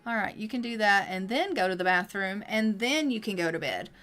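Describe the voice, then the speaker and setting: A woman's voice: medium pitch, expressive, fairly quick, fairly bright tone. A woman streaming a life sim game, chatting playfully through casual gameplay commentary. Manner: chatty, playful, voices her game characters.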